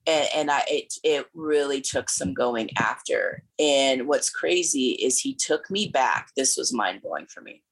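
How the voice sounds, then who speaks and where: A woman's voice: very deep voice, a little slow, few pauses, low-quality recording. A woman in her forties, a pastor and speaker, giving candid personal testimony as an interview guest, earnest and tumbling over her words with restarts.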